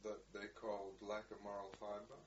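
A man's voice: fairly low pitch, flat delivery, normal speed. A man asking brief, direct questions in an oral history interview. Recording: roomy, dull, noisy recording.

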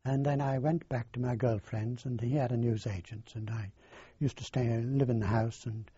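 An older man, recounting his past in a halting, rambling way in an oral history interview. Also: medium pitch, steady tone, dark tone, husky, dry recording. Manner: halting, rambling storyteller with many fillers. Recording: dull lo-fi dry recording.

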